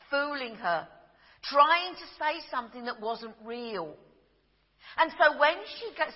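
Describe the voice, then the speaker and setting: A middle-aged woman with a high voice gives a sermon in a gentle storytelling way, sinking to a near-hush when the moment turns tender. Her words ring with a long echo, as if spoken in a church hall, and the recording sounds dull and muffled. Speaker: preacher.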